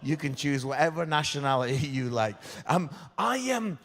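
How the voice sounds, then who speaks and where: A Scottish man telling comic stories to a church audience in a chatty way, often checking in with "yeah?" and bursting into loud shouts. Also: fairly high pitch, normal speed. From Scotland. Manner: chatty, keeps asking "yeah?" for agreement; animated, jumps into loud shouts. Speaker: guest speaker at a church service. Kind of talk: comic storytelling to a live audience. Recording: echoey hall.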